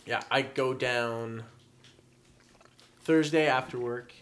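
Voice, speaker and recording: A man chatting excitedly as a podcast guest, laughing and talking in quick bursts. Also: mid-range voice, clean tone. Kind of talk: casual chat.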